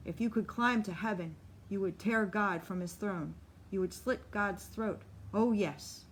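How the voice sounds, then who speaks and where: A woman's voice: mid-range voice, a little slow, slight background noise, close to an everyday voice. A woman voicing a tormented male tent-revival preacher who pleads and cries out in impassioned calls. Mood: fervent pleading.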